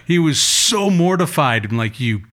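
Speaking at a moderate pace in a mid-range voice, this guest spins amusing tales about his family during a laid-back conversation. He brings the anecdotes to life with animation, voicing the quotes of each person himself.

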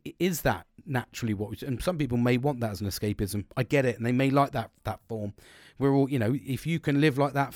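Middle-aged British bloke, co-host, mid-pitched, dry close sound, blunt and sweary, rambling casual talk. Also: male voice, a little mellow, no room sound. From Britain. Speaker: podcast co-host. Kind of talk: casual chat.

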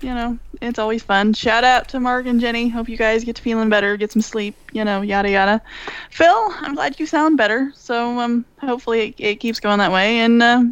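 Woman, podcast co-host, crisp voice, slightly high, friendly casual chat. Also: steady tone, no room sound, highs cut off. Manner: friendly, quick shout-outs with small stumbles.

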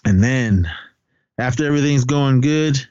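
A man's voice: mid-range voice, normal speed, darkish tone, smooth, no room sound, lo-fi sound. A man co-hosting a podcast, recapping a film in casual chat, acting out lines loosely and laughing often. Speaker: podcast co-host.

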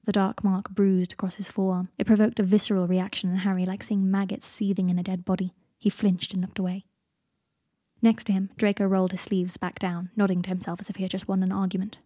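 A woman narrating a fan story in a calm, even audiobook style. Her voice is husky, mellow and darkish. The sound is dry and close, with no room in it. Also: mid-range voice, fast, no room sound. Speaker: fan fiction reader.

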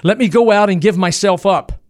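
A man's voice: high voice, moderate pace, no echo, studio quality, voice pushed up, lightly acted. A man voicing a frightened young man desperate to surrender, pleading in a dramatized history narration. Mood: panicked. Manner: panicked, pleading.

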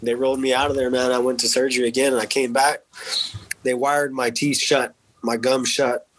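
Husky-voiced veteran telling a story. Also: male voice, mid-range voice, flat delivery, moderate pace, fairly bright tone, poor audio. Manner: candid and profane, with frequent fillers like "man" and "dude". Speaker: military veteran guest. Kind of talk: casual conversational storytelling.

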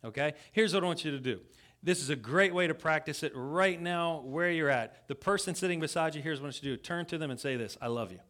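A man preaching a sermon as a guest at a church service, in a fairly high voice. He talks in a casual, earnest way and often breaks off and restarts his sentences. He turns often to the congregation with quick asides. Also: fairly bright tone. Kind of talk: conversational sermon.

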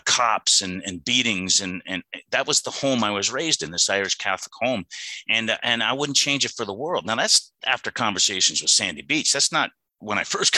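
Middle-aged guy sharing at a meeting, rambly and earnest, lowish voice, dead dry sound. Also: pushed and bright, no echo, low-quality recording. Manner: earnest, rambling, frequent restarts and fillers. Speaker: recovery meeting speaker. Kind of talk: personal share at an online recovery meeting.

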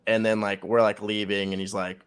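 A man's voice: fairly low pitch, flat delivery, brisk, clear, resonant tone. A young man, a college football player, casually telling a long story in a rambling, profanity-laced way full of fillers. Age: young adult.

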